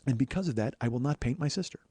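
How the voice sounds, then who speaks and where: A man hosting a comedy podcast, chatting casually with loud silly bits and lots of swearing. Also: mid-range voice, animated, racing, heavy background noise. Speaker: podcast host.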